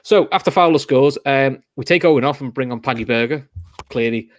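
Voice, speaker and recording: A man's voice: medium pitch, fairly quick, no echo. A young man with a Liverpool accent tells football stories on a casual podcast. He talks in a middle register and acts out how people reacted as he goes. The sound is close and dry, with no room around it. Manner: animated storytelling, acts out reactions. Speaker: podcast host.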